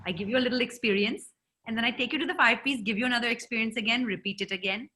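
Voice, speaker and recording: A woman gives a lively, encouraging seminar talk and quizzes her listeners. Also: on the high side, racing. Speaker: seminar speaker and trainer. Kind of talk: interactive talk to an audience.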